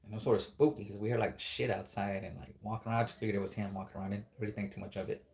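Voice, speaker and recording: A man's voice: lowish voice, steady tone, very fast, a little mellow. A man telling a spooky story in a casual, rambling, profane way, acting out the dialogue as he goes.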